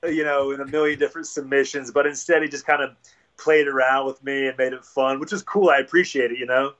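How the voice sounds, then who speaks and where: A man's voice: medium pitch, fairly even intonation, fast talker, a bit bright, highs cut off. A young man, a podcast guest, chatting in an easygoing, self-deprecating way with plenty of filler words. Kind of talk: casual chat.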